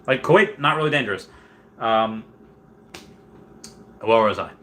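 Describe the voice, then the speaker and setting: Chatty livestreaming man with a bright voice. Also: lowish voice, measured pace, a little hiss or hum. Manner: chatty, rambling, reads viewer comments aloud; swings into loud excited bursts. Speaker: livestream host. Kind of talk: casual livestream chat.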